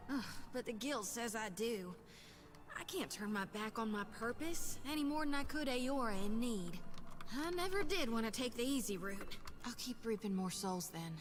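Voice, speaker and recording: A woman's voice: on the high side, expressive, normal speed, natural voice. A woman doing a folksy, brash young soul-reaper. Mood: resolved. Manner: folksy, colloquial, emphatic. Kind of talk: game voice acting.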